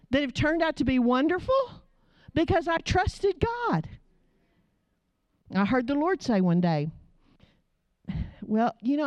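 A woman's voice: medium pitch, mellow, dry recording, muffled recording. A middle-aged woman preaching a passionate sermon, telling a story and voicing the people in it. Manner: passionate, storytelling with quoted voices.

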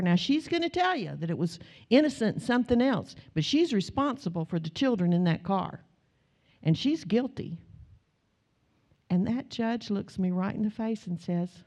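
An older woman, preaching a sermon and telling a lively story in which she acts out the voices of her family. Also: mid-range voice, moderate pace, long pauses. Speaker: pastor.

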